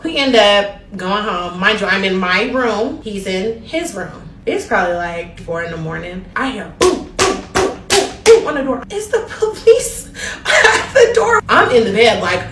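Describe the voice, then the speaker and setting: Speaking straight to her viewers, a young woman shares a travel story in a casual, gossipy, animated way. Her voice is medium-pitched and her pace moderate. The recording sounds roomy and distant from the mic, with a noisy background.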